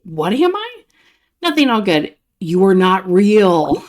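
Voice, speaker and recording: A woman voicing a panicky, defensive young character from a chat game, flustered and quick to protest. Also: medium pitch, very animated, darkish tone. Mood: panicked.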